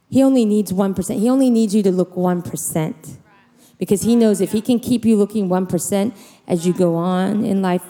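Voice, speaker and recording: Woman preacher, emphatic and animated storytelling, middle pitch, big reverberant church hall. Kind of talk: sermon.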